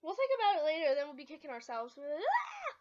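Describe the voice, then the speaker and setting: Talking to camera from her bedroom, this young woman rambles through casual stories and giggles a lot. Her voice sits high and is expressive, very fast and a little mellow. The lo-fi home recording is slightly dull, with a little hiss or hum.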